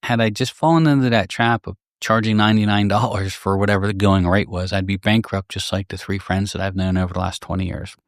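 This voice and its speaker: Low-voiced middle-aged gunsmith host. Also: male voice, fairly even intonation, a little fast, few pauses, no echo, clean studio sound. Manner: candid, rambling, with restarts. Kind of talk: casual storytelling podcast.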